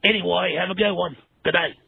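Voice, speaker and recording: A man's voice: high voice, fairly even intonation, brisk, creaky. A man voicing a cheery Australian caller with a slangy, exaggerated way of talking, on a tinny phone voicemail. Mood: chirpy. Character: cheery Australian bloke calling in.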